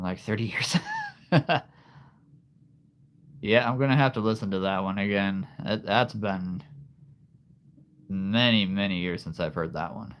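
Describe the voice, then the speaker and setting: A man hosts a relaxed live stream, answering viewers' messages and laughing often. His voice sits fairly low, and he talks in an unhurried way. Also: clean tone. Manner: laughs often, easygoing, reads and answers chat. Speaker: livestream host. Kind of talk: casual chat with live viewers.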